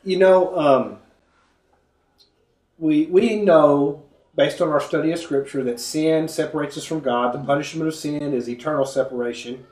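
A man leading a conversational Bible study, earnest, often coughing and clearing his throat. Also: on the high side, moderate pace, darkish tone. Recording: echoey room.

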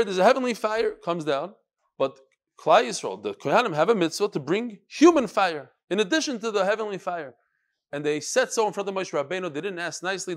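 Animated man teaching a Talmud class. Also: high-pitched. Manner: animated, sing-song study cadence mixing Hebrew and Yiddish terms.

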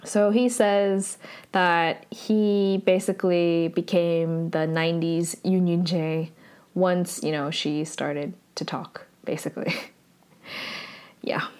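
A woman's voice: lowish voice, level tone, takes it slowly, darkish tone, smooth. Woman podcast host, casual recap chat, filler-heavy, chatty.

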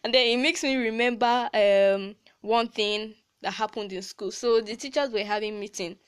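A woman's voice: a little high, steady tone, moderate pace, clean tone. Teenage girl, Nigerian accent, podcast host, casual chat, chatty and heartfelt, lots of fillers. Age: teens. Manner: chatty and emotional, frequent "like" fillers and laughs.

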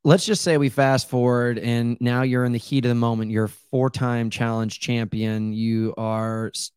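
A man's voice: mid-range voice, flat delivery, normal speed, a little mellow, clear, resonant tone, no room sound, clean studio sound. A man hosting a podcast, talking candidly and searching for words in a casual interview. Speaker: podcast host.

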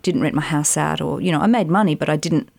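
A middle-aged woman, an actress and voiceover artist, telling animated stories in a casual interview, with rambling asides. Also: deep voice, fast, gravelly, no room sound. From Australia. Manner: animated, chatty, rambling anecdotes with many asides.

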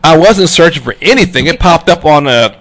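Guy hosting internet radio, slightly high voice, super animated storyteller, laughs a lot. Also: a little fast. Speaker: radio show host. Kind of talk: casual on-air chat.

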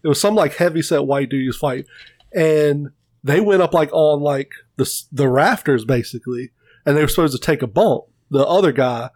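A podcast co-host with a higher voice talks a little fast, animatedly recounting stories full of profanity and voicing the people he quotes. It's a casual chat captured in a clean, dry studio recording.

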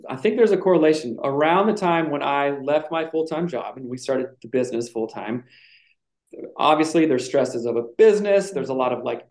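A man's voice: fairly high pitch, a little mellow. A man telling a personal story in casual chat, reflective and emotional at times. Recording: echoey room.

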